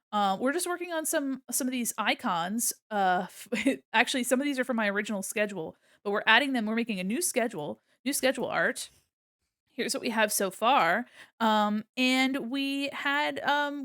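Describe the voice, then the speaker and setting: Bubbly and giggly, an illustrator chats casually on her livestream while drawing, rambling with lots of fillers and greeting people in a gushing way. Her voice sits on the high side with a fairly bright tone, and the studio recording is clean with no echo.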